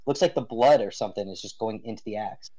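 A man's voice: on the low side, quick pace, dark tone, rough recording. A man guesting on a casual podcast about comics, chatty and speculative, laughing often. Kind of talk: casual comic book discussion.

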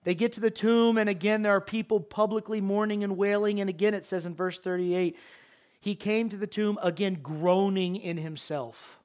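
A high-voiced man delivering a sermon, reading scripture aloud verse by verse. He explains each passage in an emphatic way and often repeats short phrases to drive a point home. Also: steady tone, moderate pace. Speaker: preacher.

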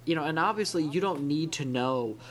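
A man's voice: on the high side, expressive, a little fast. A man co-hosting a podcast in casual discussion, talking in a thoughtful, rambling way with many restarts. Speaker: podcast co-host.

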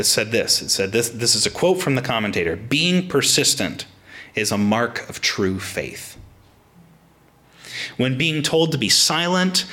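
A young man preaching a sermon, animated and casual, often restarting his sentences as he explains a passage. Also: mid-range voice. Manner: animated, frequent restarts, acts out quotes. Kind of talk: sermon with personal anecdote.

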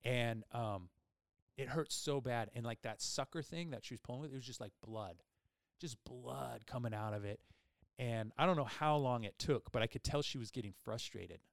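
A man hosting a podcast, telling a long personal story in a casual, animated way with many fillers. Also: mid-range voice, normal speed, gravelly, no echo, studio quality. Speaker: podcast host.

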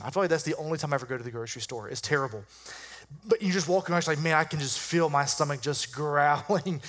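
A middle-aged man preaching a sermon in a conversational, humorous way, slowing down to stress key lines. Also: a little high. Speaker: pastor.

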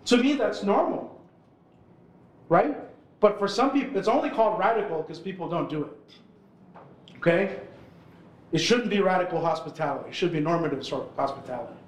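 A man in his forties gives a casual storytelling talk to a live audience. His voice sits high for a man, and he talks in a relaxed, conversational way. The sound carries the roomy echo of a hall. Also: a little fast, pauses often. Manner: casual, chatty storytelling full of "like" and "right?". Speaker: urban ministry worker speaking at an event.

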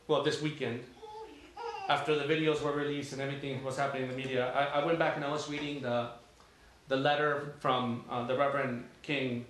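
A man's voice: mid-range voice, fairly bright tone, a little hiss or hum. Conversational man preaching in an echoey room. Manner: conversational storytelling, rhetorical questions. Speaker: pastor. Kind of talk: sermon. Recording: very echoey room, faint ambience.

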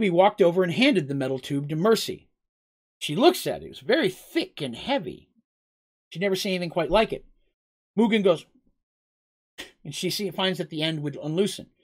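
Here a fantasy story is narrated expressively, with the reader sometimes pausing the tale to talk to listeners. The medium-pitched voice moves at normal speed but pauses often.

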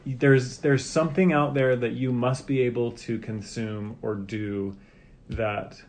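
A chatty dad hosting a family podcast, talking in a relaxed, rambling way with a lot of "um"s as he leads a casual chat around the table. His voice sits at an ordinary pitch for a man. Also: slow pace, a little hiss or hum. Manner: relaxed, rambling, talks with many fillers.

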